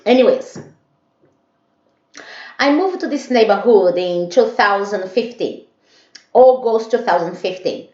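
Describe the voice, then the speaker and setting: A woman's voice: medium pitch, expressive, unhurried, pauses often, a little mellow, highs cut off. Rambling woman vlogger, echoey room. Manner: rambling, repeats herself. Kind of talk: casual storytelling to camera.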